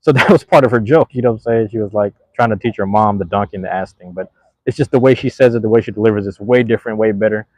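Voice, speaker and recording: A man's voice: fairly low pitch, fast talker, a little mellow, dry recording, rough recording. A man giving a loose, slangy, rambling recap of a comedy show, full of fillers, while sitting outdoors near a playground.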